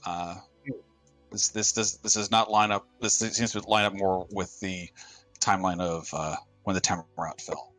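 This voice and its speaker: A man running a tabletop game as game master, talking in a halting way with many restarts. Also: deep voice, steady tone, fairly bright tone, faint music behind. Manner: halting, full of fillers and restarts.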